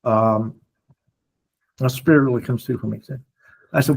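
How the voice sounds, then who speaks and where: An older man speaking to a support group, telling stories in an animated way and acting out the voices of the people in them. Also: medium pitch, normal speed, gravelly, long pauses, husky. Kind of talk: storytelling talk to a group.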